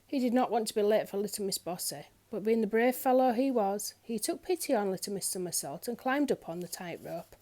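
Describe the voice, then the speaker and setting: A woman reading a children's picture book aloud in an expressive storyteller's manner. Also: medium pitch, fairly quick, hardly any pauses. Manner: expressive, lilting.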